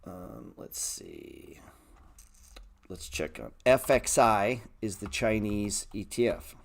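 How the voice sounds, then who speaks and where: Blunt, profane lower-voiced male host. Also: sing-song, slow, creaky. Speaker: trading show host answering viewer chat. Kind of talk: casual livestream chat.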